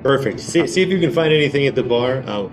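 A man playing a character in a tabletop role-playing game, relaxed, with stammering restarts. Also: mid-range voice, fast, recorded from a distance, over music. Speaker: player.

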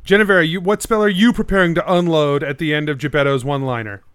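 A man's voice: fairly high pitch, fairly even intonation, fairly bright tone, clean tone, no room sound. A man running a tabletop game as game master, narrating and voicing bandits, laughing often. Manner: voices bandits in quick asides, laughs often.

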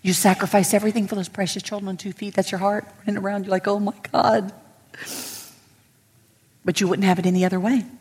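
A middle-aged woman pastor, preaching emphatically to women and swinging from loud to whispered. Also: medium pitch, level tone, very fast, few pauses, husky, in a large hall. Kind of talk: sermon to women. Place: church sanctuary.

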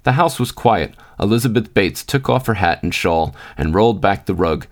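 Low-voiced man narrating a story. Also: animated, moderate pace. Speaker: podcast host. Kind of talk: scripted narration.

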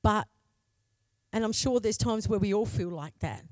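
A woman's voice: medium pitch, lively intonation, unhurried, dry recording. A middle-aged Australian woman, a pastor's wife, telling a candid personal story in a sermon.

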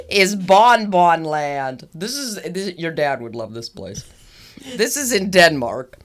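A woman co-hosting a casual chat, animated and laughing often as she teases her co-host. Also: low voice, takes it slowly. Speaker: podcast co-host.

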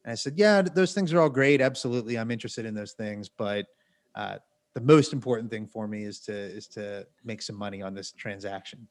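A man's voice: on the low side, a little fast. A man co-hosting a podcast, telling a long story in a rambling, wry way full of self-corrections and asides. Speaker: podcast co-host. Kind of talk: casual storytelling.

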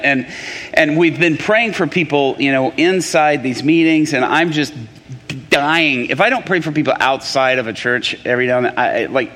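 A man preaching, telling a testimony story with lively pacing, frequent restarts and acted quotes. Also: mid-range voice. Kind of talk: testimony sermon. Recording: long hall reverb.

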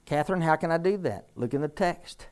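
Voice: medium pitch, expressive, brisk, darkish tone. Older preacher quizzing the congregation. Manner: questions the audience, teasing, emphatic. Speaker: preacher teaching scripture. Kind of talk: interactive sermon with congregation.

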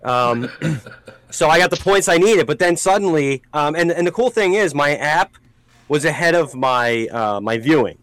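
Profane, animated man with a lively voice. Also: on the high side, a little slow, dry recording, low-quality recording. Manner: profane, animated storytelling with shouted outbursts. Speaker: podcast co-host. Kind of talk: casual podcast chat.

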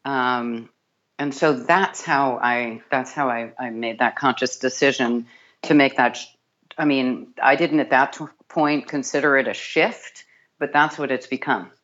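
Heard through a muffled recording, a woman with an extremely low, fairly bright, scratchy and sardonic voice speaks a little slowly with fairly even intonation. She's an audiobook narrator chatting animatedly as a casual interview guest, frequently restarting sentences.

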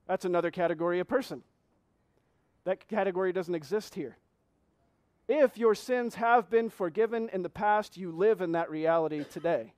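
A man preaching as pastor, reading scripture slowly and asking the congregation earnest questions. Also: sits high, a little mellow, smooth, dry recording. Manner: reads scripture slowly, repeating key phrases. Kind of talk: sermon.

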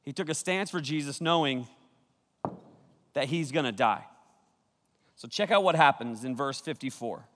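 A man's voice: mid-range voice, lively intonation, moderate pace, long pauses, a bit bright. A youth pastor giving a joking, playful sermon in a church hall, often laughing and acting out his listeners' reactions. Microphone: filmed by a camera crew.

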